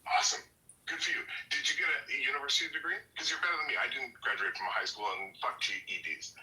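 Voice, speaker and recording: A Canadian man rants in a casual group chat, swearing constantly and riding his pitch up and down. His voice is very bright and cutting. He sits some way back from the mic. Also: fast, distant mic, low-quality recording. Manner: profane, ranting, animated.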